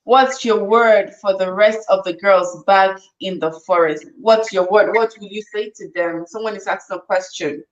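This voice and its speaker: A woman's voice: medium pitch, moderate pace, hardly any pauses, highs cut off. A woman hosting a live online show, effusively thanking and blessing her guest and reading out audience questions. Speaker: host.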